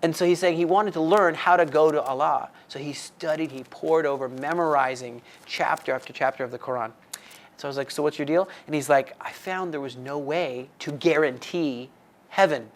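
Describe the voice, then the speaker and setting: On a faith podcast, a person from the United States chats casually, telling a story with animation and acting out the quoted voices. The voice is medium-pitched at a normal speed.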